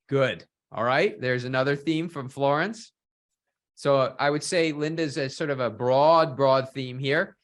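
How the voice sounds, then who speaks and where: Teaching an online workshop, this man asks his audience questions and keeps tacking "right?" onto his sentences. He speaks at a medium pitch and a little slowly.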